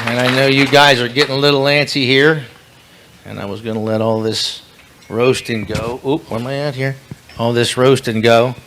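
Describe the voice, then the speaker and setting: A man's voice: mid-range voice, fairly bright tone. A man roasting a friend in front of a banquet crowd with crude bathroom jokes. He rambles, restarts and loses his place in his notes, then lands the punchline. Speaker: roaster, emcee. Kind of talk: comedy roast joke-telling. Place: banquet hall, live event.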